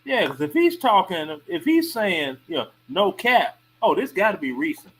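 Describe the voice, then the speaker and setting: High-voiced incredulous man. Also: breathy edge, poor audio. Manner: animated, incredulous, quick reactions. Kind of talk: casual discussion.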